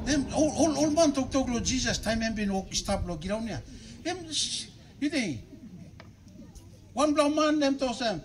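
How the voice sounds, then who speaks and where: A bishop with a Papua New Guinean accent preaches a sermon emphatically and animatedly, moving between loud exhortation and low, quiet asides. He speaks at normal speed with long pauses, and the low-quality recording carries a little hiss or hum.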